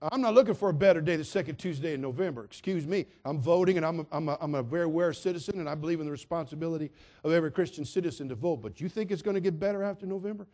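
A man's voice: fairly high pitch, racing. A man preaching a sermon, addressing his listeners directly and acting out the people in his story. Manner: dramatic, swings from quiet asides to shouts; acts out quoted voices, addresses listeners directly.

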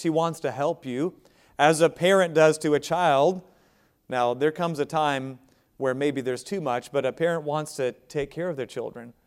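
A man's voice: on the high side, darkish tone, clear, resonant tone. An American man preaching a sermon, speaking in a conversational way with asides to the congregation. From United States. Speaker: pastor.

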